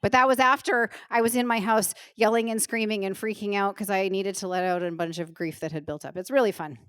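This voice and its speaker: A middle-aged woman pastor preaching a sermon in an earnest, emotional way, slowing down to stress key words. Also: medium pitch, steady tone, clean tone, no echo, studio quality. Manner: earnest, emotional, slows down for emphasis. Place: church stage.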